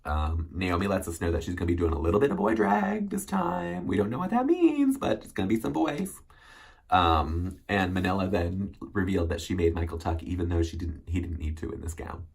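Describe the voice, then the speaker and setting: A man's voice: low voice, sing-song, a little fast, vocal fry, breathy edge. A man hosting a solo recap show, chatting casually and rambling with many ums and self-corrections. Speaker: recap host.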